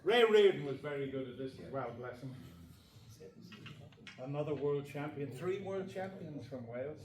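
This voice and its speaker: A joking Northern Irish man with a slightly high, animated voice speaks at a moderate pace in an echoey hall. He's a snooker trick shot exhibitor bantering live with his audience, chatty and quick to laugh, recorded from a distance in a big snooker hall with the crowd audible.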